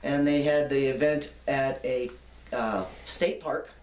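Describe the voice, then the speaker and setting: A woman's voice: very deep voice, fairly even intonation, slow, a little mellow, a little hiss or hum. Older woman interviewee, chatty anecdotal storyteller, roomy distant sound. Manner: chatty, anecdotal, laughs easily. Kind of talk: reminiscing storytelling. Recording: echoey room, off-mic.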